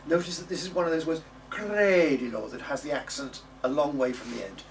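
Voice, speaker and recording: A man's voice: a little high, lively intonation, moderate pace, creaky, long pauses. A man teaching a singing class, coaxing students and demonstrating phrases by singing them. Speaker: music teacher. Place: classroom or studio. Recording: distant mic with background noise.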